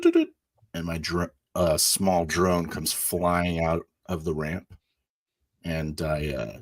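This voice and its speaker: Male player, low husky voice, casual in-character narration. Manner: loose first-person narration with fillers. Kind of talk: in-character tabletop roleplay.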